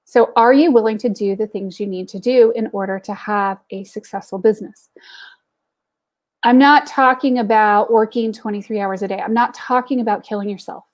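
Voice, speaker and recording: A woman's voice: mid-range voice, normal speed. A middle-aged woman hosting a live stream for an online women's business group. She gives an upbeat, direct pep talk, speaking straight to her viewers and telling jokes and anecdotes.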